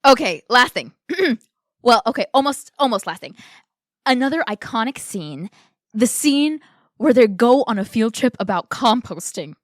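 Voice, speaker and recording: Excitable woman gushing as podcast co-host. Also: on the high side, normal speed, no room sound, studio quality. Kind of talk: casual film review chat.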